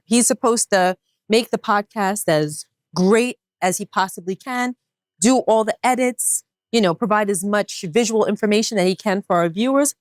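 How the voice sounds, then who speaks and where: A woman co-hosting a podcast in casual chat, expressive and quick to laugh. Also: medium pitch, no echo, clean studio sound. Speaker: podcast co-host.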